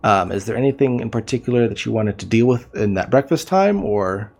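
A man's voice: mid-range voice, lively intonation, fairly quick, creaky, darkish tone. A man running a tabletop game as game master over an online voice call, narrating hesitantly with many ums.

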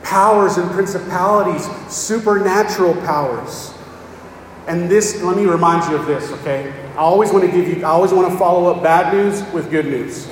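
At a moderate pace, a high-voiced man preaches to his congregation in a simple, chatty manner, repeatedly checking in with "okay?" He is a pastor, recorded from far off in an echoey hall with a slight hiss or hum.

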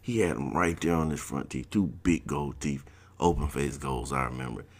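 Very deep-voiced man telling stories. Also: normal speed. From South Georgia, US. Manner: laid-back, slangy, laughs at his own story. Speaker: storyteller. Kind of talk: casual personal storytelling.

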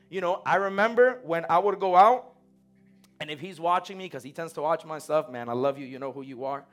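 A young man preaching in a relaxed, conversational way, full of slang and acted-out quotes. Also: sits high, quick pace, faint music behind. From United States. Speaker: pastor. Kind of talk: sermon.

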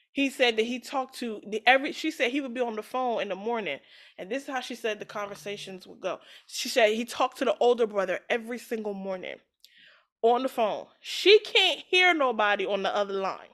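A woman co-hosting a casual chat, retelling a story with lively acted-out quotes and frequent laughter. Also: on the high side, moderate pace. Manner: animated storytelling, acts out quoted voices, laughs often. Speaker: podcast co-host retelling a story.

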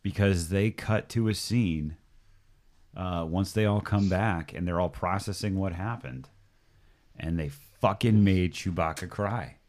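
A man's voice: sits low, unhurried, a little mellow. A middle-aged man hosting a casual chat, talking emphatically, swearing freely and restarting his sentences often. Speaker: podcast host.

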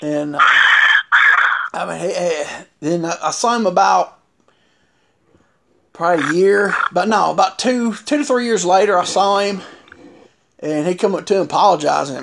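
A man's voice: high voice, moderate pace, gravelly, long pauses. Rambling man telling a story. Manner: rambling, many fillers and restarts. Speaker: wrestler. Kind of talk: casual storytelling.

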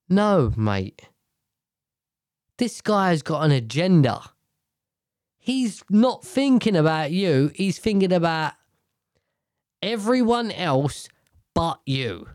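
A man's voice: a little high, darkish tone, dry recording, studio quality. A man giving a blunt, profane, rambling rant about politics.

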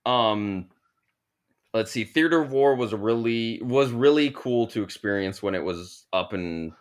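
A man's voice: fairly low pitch, animated, measured pace. A man hosting a podcast in a laid-back, jokey way, swearing casually. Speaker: podcast host. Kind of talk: casual chat.

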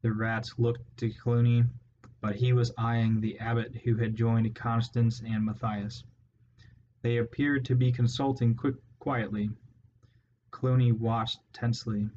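A man narrates a storybook in a steady, measured way. His pitch barely moves. The recording sounds dull and lo-fi, with a faint hiss beneath it. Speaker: audiobook narrator.

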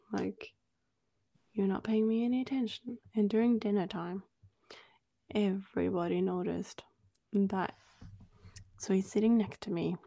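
A woman's voice: mid-range voice, creaky, warm tone, no room sound. A woman co-hosting a podcast, telling a story in casual chat, with lots of "like"s as she acts out the quoted dialogue. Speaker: podcast co-host.

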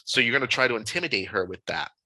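A man, a podcast guest, telling stories from his life in a casual, animated and emphatic way. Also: mid-range voice, rapid-fire, dry recording, rough recording. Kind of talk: casual storytelling.

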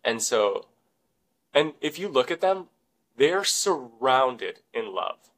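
A man's voice: medium pitch, big pitch swings, slow pace, a bit bright, rough recording. A young man co-hosting a podcast, talking casually and rambling, with many fillers and some swearing. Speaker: podcast co-host.

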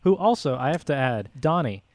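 A man in the role of game master, narrating a tabletop game in a relaxed, matter-of-fact way. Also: medium pitch, brisk, no echo.

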